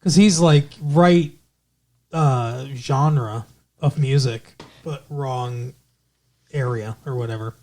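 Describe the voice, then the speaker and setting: A man's voice: medium pitch, slow, pauses often, a little mellow. Rambling male podcast co-host. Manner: rambling, self-correcting, puts on character voices. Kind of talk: casual chat recapping a TV show.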